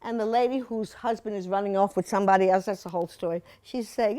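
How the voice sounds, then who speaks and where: This woman in her seventies talks fast, her medium-pitched voice dark in tone. As a museum guest speaker, she leads a chatty, playful slide-show talk full of laughter and side remarks.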